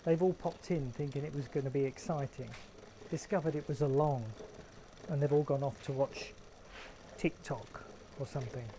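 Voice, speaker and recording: A man's voice: on the high side, steady tone, normal speed, warm tone, a little hiss or hum, low-quality recording. A man with a London accent hosting a casual live stream from his garden shed, chatting with viewers in a wry, joking way. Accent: London English. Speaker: livestream host.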